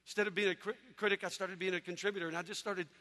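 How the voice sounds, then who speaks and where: A man preaching an energetic sermon, telling stories with animated shouts and sudden hushed drops. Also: sits high, racing, big-room sound. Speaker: evangelist speaker.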